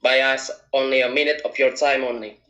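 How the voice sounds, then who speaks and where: A man's voice: mid-range voice, little pitch movement, brisk, a bit bright, echoey room, lo-fi sound. Hesitant man calling in. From Indonesia. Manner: hesitant, giggly, many fillers. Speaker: caller. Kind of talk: phone call-in chat.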